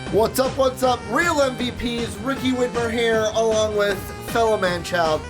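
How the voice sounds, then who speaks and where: A man hosting a casual podcast chat, excitable and rambling with lots of fillers. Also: extremely high pitch, normal speed, over loud music. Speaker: podcast host.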